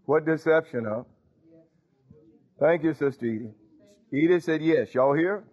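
High-voiced preacher. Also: male voice, a little slow, darkish tone, highs cut off. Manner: call-and-response preaching, breaking into sung lines. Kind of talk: sermon.

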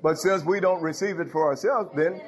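A man's voice: high-pitched, fairly quick. A man preaching a sermon in a conversational, teasing way, laughing and making asides to the congregation. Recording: dull lo-fi recording.

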